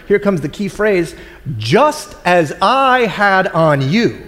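A man's voice: high voice, animated, measured pace, a bit bright, big-room sound. A man preaching a sermon in a conversational way, acting out the voices of people in the story. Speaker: pastor.

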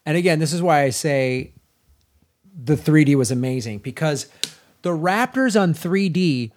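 A man's voice: fairly high pitch, animated, a little slow. A man co-hosting a podcast, emphatic and enthusiastic as he talks about a movie, swearing for effect. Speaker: podcast co-host. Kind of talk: casual film discussion.

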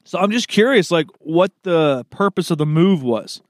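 Laid-back cursing guy, slightly high voice. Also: animated, normal speed, dry recording, clean studio sound. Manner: laid-back, swears freely, says "man" and "dude" a lot; chuckles at his own slips. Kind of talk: casual rambling monologue.

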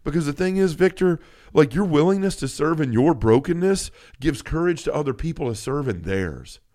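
A man's voice: a little high, animated, normal speed, mellow. An earnest man in his thirties, co-hosting a faith podcast, who talks with feeling and often restarts his sentences. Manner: earnest and emotional, many restarts. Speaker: podcast co-host.

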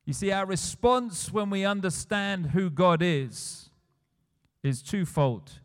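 A man's voice: sits high, takes it slowly. A man preaching a sermon, retelling scripture scenes and building to emphatic declarations. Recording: long church hall reverb.

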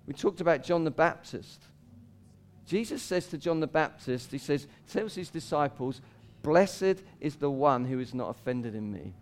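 A male pastor delivers a sermon in a casual way, laughing between his points. His voice climbs for quoted cries and sinks low and quiet for scripture, with expressive delivery at a normal speed.

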